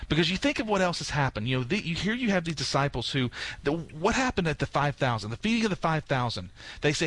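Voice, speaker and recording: A priest talking through a gospel reading on a radio show, animated and storytelling, acting out quoted lines. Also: male voice, on the high side, quick pace, dry recording. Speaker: priest, guest commentator. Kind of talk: radio talk on scripture.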